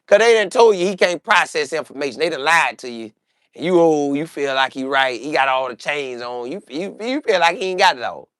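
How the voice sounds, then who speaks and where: Animated, slangy man riffing on football. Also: a little high, brisk, clean tone, no echo, studio quality. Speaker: sports commentator. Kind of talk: casual sports commentary.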